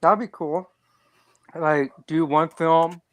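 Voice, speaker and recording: Smooth, dry-sounding giggly podcast co-host. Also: mid-range voice, fairly even intonation, fairly bright tone, no echo. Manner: chatty, giggly, asks quick follow-up questions. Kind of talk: casual chat.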